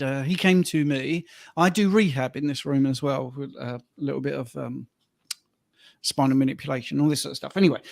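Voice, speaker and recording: A man's voice: fairly high pitch, vocal fry, no echo, studio quality. A man, a fitness coach co-hosting a live stream, chatting casually and telling stories about his clients. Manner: storytelling, acts out quoted voices.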